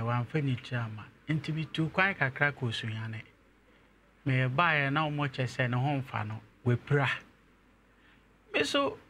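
A young man, an interview guest, telling his own story and growing animated as he recounts events. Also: medium pitch, a little hiss or hum. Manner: animated when retelling events, laughs.

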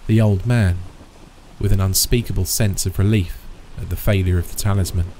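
A man with a very deep, dark, mellow voice reads a horror story aloud, slow and ominous. Faint rain hisses softly behind him. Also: steady tone, rough recording. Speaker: narrator. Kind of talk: scripted horror narration.

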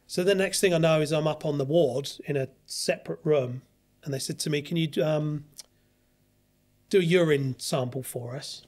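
A man's voice: a little high, moderate pace, darkish tone. A man, a podcast guest rambling through a personal story and acting out what others said, recorded on a studio mic. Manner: rambling anecdote, acts out others' lines. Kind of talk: casual storytelling chat.

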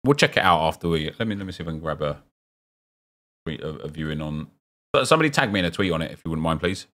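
A young man streaming a football game, chatting with viewers and reacting loudly to what he opens. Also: a bass voice, fast. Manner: chatty, reads chat aloud, gets loud and excited at good pulls. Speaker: gaming streamer. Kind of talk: live stream commentary opening game packs.

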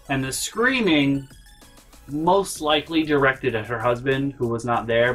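Sarcastic man telling a family story. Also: medium pitch. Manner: animated, sarcastic storytelling with acted quotes. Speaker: vlog host. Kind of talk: comedic storytime monologue. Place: his bedroom.

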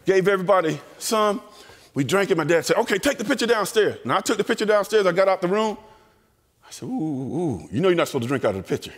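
Animated preacher in a reverberant chapel. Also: male voice, sits high, very fast. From American South. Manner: animated storyteller acting out voices. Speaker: chapel speaker. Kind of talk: storytelling sermon. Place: college chapel.

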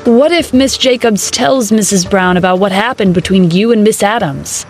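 A woman's voice: mid-range voice, moderate pace, soft background music, lightly acted. Brief: woman narrator voicing a courteous young male chauffeur, polite and a bit teasing. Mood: worried. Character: man, worried loyal young male driver.

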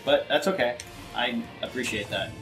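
A man's voice: mid-range voice, normal speed, a bit bright. A man casually chatting while playing a video game, laid-back and chuckling. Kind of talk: casual gaming chat. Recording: roomy with game music behind.

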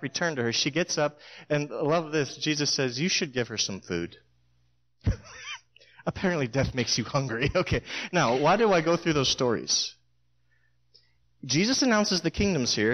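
A middle-aged man preaching a sermon in a church, telling stories with lively acted-out quotes. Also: on the high side. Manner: storytelling, animated, acts out voices in quotes.

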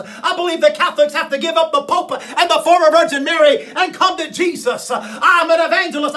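A man preaching a fiery sermon as an evangelist, often shouting and repeating his phrases. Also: very high-pitched.

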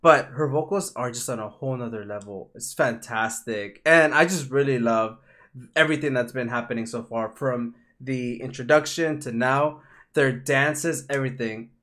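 Excitable man reacting to a song. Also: medium pitch, moderate pace. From Mexico. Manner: excitable, laughs often, mixes in Japanese phrases. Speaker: music reaction host. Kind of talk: casual reaction commentary.

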